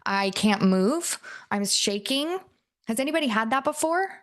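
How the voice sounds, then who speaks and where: A woman with a fairly high voice gives a coaching talk before a live audience. She tells stories in a chatty way and keeps checking in with her listeners. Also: expressive, moderate pace. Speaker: NLP and hypnosis coach.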